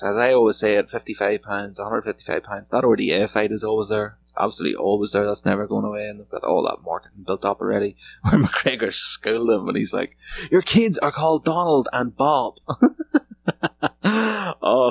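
Guy rambling on his podcast at home, swears a lot, lowish gravelly voice. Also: low-quality recording. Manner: rambling, profane and laid-back. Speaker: podcast host. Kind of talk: solo podcast chat. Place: home room.

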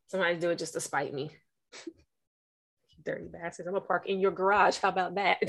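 A woman's voice: fairly low pitch, steady tone, fairly quick, gravelly, fairly bright tone. A woman telling a story in casual chat, chatty with dramatic retelling.

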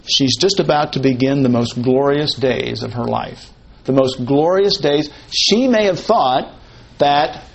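A man delivers an expository Bible sermon in a conversational style, repeating key phrases and asking questions he then answers himself. His voice is mid-pitched and creaky. The low-quality recording has slight background noise.

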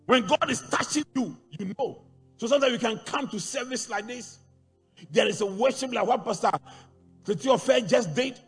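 A man preaching a sermon to a congregation, animated and rising into shouts. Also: very high-pitched, slightly rough. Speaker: pastor. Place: large church hall. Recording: church hall reverb with faint music.

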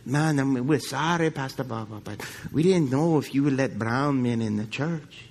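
A preacher doing a shy, apologetic young laborer. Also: male voice, mid-range voice, darkish tone, pitched below the performer's own voice, close to an everyday voice. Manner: hesitant, slow and apologetic. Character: young working man, sweaty, shy and apologetic.

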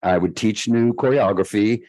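Older man, low voice, chatty storyteller, animated, dry close recording. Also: moderate pace, dry recording, low-quality recording. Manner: chatty, animated, laughs at his own stories. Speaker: guest choreographer. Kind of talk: storytelling interview.

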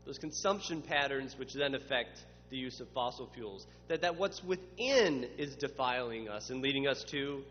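This pastor's sermon comes at a moderate pace with hardly any pauses, his medium-pitched male voice full of lively intonation. Quoted questioners get dramatic voices, and he builds to emphatic lists. Expect muffled audio, long reverb and a faint hum.

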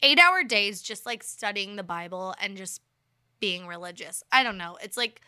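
A woman co-hosting a podcast in casual chat, animated and giggly, with lots of filler words. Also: medium pitch, normal speed, smooth. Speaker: podcast co-host.

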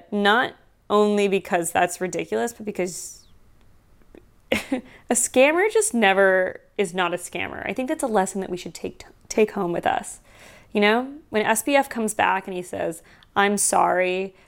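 A woman's voice: mid-range voice, creaky. A woman hosting her own show, talking in a casual, sardonic way that turns reflective. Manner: sardonic and animated, softening to reflective. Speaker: podcast host. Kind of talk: casual solo commentary.

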